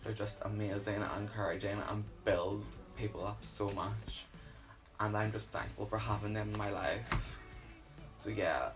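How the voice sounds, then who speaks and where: A young man, sharing his personal faith testimony in an earnest, halting way with many fillers. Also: fairly low pitch, fairly even intonation, music in the background, low-quality recording. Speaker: YouTuber.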